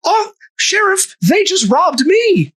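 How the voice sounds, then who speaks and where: A man putting on the voice of an indignant young man who pleads innocence in a high, mocking tone. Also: very animated, slow pace, a bit bright, full character voice. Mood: mock-innocent.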